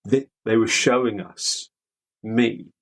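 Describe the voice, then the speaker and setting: A man from the UK, a veteran guest, speaking candidly in an interview with halting, repeated words. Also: on the low side, fairly even intonation, rough recording. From United Kingdom.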